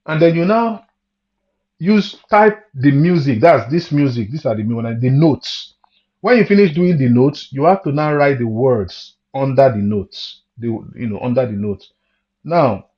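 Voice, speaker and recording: Male music teacher, slightly raised pitch, patient and repetitive, muffled lo-fi recording. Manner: patient, repeats phrases, asks students questions. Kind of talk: online music theory lesson. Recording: dull lo-fi sound.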